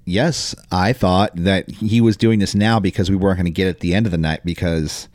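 A man's voice: deep voice, fairly even intonation, fairly quick, darkish tone, no room sound, studio quality. A man co-hosting a casual podcast, hesitant and jokey, often jumping into silly voices. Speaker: podcast co-host. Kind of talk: casual wrestling chat.

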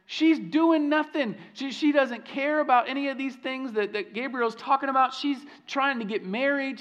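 A pastor preaching a sermon with lively delivery, repeating words and swinging from loud emphasis to hushed lines. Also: male voice, high-pitched, dull audio.

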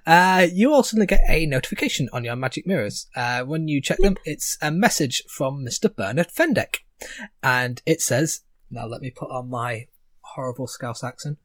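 A man narrating a tabletop game as game master, hesitant, with many pauses. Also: medium pitch, lively intonation, fairly bright tone, dry recording. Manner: hesitant, full of "uh"s.

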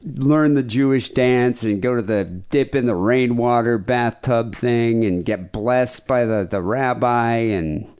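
A man's voice: medium pitch, slow pace, few pauses, a little mellow, clear, resonant tone. A man co-hosting a podcast, chatting casually and rambling a little, often repeating words and laughing. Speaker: podcast co-host. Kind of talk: casual chat.

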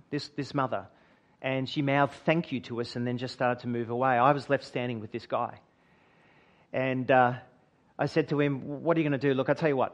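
A man, a church minister preaching a sermon and telling a personal story, rising to emphatic peaks and dropping quiet. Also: on the high side. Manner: earnest storytelling, builds to emphatic peaks then drops quiet.

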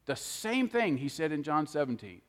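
Male preacher, earnest and emphatic, slightly high voice, long reverb of a hall. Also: big pitch swings, normal speed. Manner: earnest, emphatic teaching with scripture quotes. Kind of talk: sermon.

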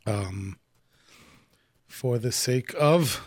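A man hosting a call-in radio show, speaking casually and haltingly. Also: medium pitch, no room sound, clean studio sound. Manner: casual, halting, with many fillers and restarts.

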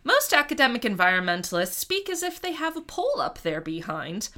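A woman with a bright, forward voice hosts a casual podcast. She talks through her notes in a chatty way with a lively, varied pitch, and stops now and then to read a quote aloud. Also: brisk. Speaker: podcast host. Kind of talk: casual chat.

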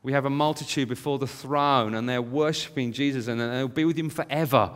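A man's voice: mid-range voice, fairly even intonation, brisk, a bit bright, clear, resonant tone. A man in his thirties preaching a sermon in a church hall, talking in a conversational way and telling stories about his young family. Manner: conversational storytelling with family anecdotes. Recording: long hall reverb.

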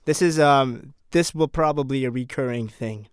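A man's voice: medium pitch, normal speed, clean tone, no echo, clean studio sound, natural voice. A man playing a laid-back, casual co-host on a parody political podcast. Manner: casual, easygoing.

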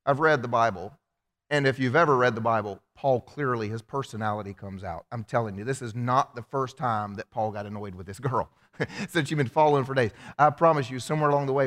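A man preaching a sermon as pastor, animated and humorous, acting out quoted prayers in his telling. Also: medium pitch, fast talker. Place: church sanctuary. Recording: long hall reverb from the sanctuary.

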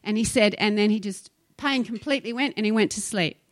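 A woman's voice: mid-range voice, fairly quick, no echo. A woman pastor preaching a sermon, emphatic and impassioned, telling stories to her congregation.

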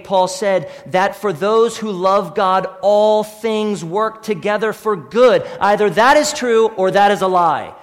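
A man with a high-pitched voice preaches a sermon in a church, his words trailing into a long hall reverb. He talks earnestly, sinking to near whispers and then pushing hard, and repeats his questions for weight. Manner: earnest, swings from hushed to forceful, repeats questions. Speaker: pastor.

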